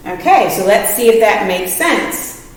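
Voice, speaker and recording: A woman's voice: mid-range voice, animated, a little slow. A woman teacher giving a patient, encouraging reading lesson to children, often checking that they follow. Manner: patient, encouraging, asks many checking questions. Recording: echoey room, voice from far off.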